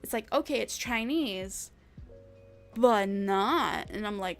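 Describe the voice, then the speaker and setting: A woman's voice: a little high, expressive, measured pace, fairly bright tone, faint music behind. A young woman streamer chatting casually with her viewers, rambling, laughing often and swearing freely.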